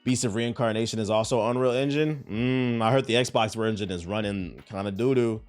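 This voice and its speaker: A man hosting a casual gaming news show, telling stories in a profane, animated way. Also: fairly low pitch, moderate pace.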